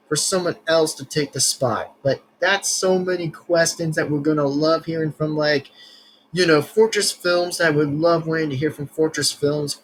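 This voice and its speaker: A man's voice: on the high side, a little hiss or hum, poor audio. A man hosting a reaction video, rambling and searching for words as he comments casually.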